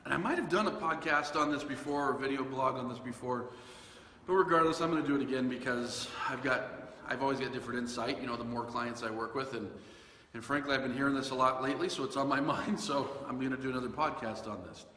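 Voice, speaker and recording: Bright-voiced man in an echoey room. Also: medium pitch, quick pace. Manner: conversational, loose, with fillers and self-corrections. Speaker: dog trainer and podcast host. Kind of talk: casual solo podcast talk. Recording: echoey room with long reverb and faint hiss.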